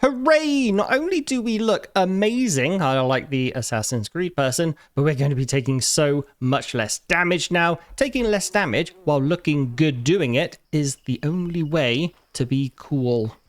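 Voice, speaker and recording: A man's voice: medium pitch, moderate pace, hardly any pauses, no room sound. A man giving casual commentary over his own gameplay as a regular video maker, chatting to the characters and breaking into bursts of mock outrage. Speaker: gaming YouTuber.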